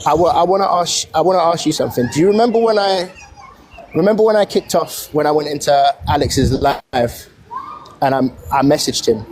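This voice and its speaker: A British man hosting a live stream, calmly steering a heated discussion. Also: fairly high pitch, brisk. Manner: calm, steering the talk.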